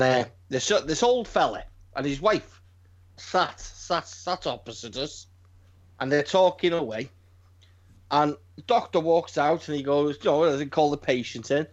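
Foul-mouthed man telling stories. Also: on the high side. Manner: swears constantly, animated anecdotes. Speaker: podcast co-host. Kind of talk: casual storytelling chat. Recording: slightly dull lo-fi sound.

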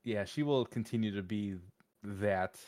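A man's voice: on the low side, measured pace, darkish tone, dry recording, clean studio sound. A man co-hosting a casual fan podcast, joking around and laughing a lot. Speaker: podcast co-host.

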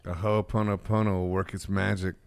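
A man's voice: sits low, flat delivery, fairly quick, vocal fry, a little mellow, no room sound. A man hosting a podcast in casual chat, easygoing with short reactions. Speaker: podcast host.

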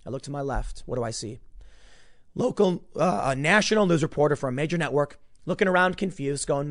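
Male commentary host, slightly high voice, heated and emphatic, stumbles over repeated words mid-rant. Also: a little fast. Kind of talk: ranting opinion commentary.

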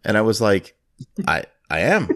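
A man hosting a podcast, telling a long anecdote in a casual, animated way, jumping up in pitch when he quotes people. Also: normal speed. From United States. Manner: animated storyteller who raises his pitch for quoted people. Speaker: podcast host. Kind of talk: casual storytelling chat.

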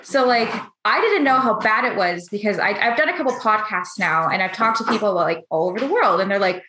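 A woman's voice: medium pitch, animated, quick pace, pushed and bright. A blunt, candid woman in casual conversation, hungover, who swears freely and acts out what other people said. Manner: acts out others' lines in quoted voices. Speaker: roundtable guest. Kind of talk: casual chat. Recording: roomy echo.

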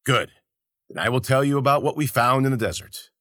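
A man voicing a male adventurer who tells of a desert journey in a measured, grave way. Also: mid-range voice, a bit bright, dry recording, clean studio sound, pitched above the performer's own voice, close to an everyday voice.

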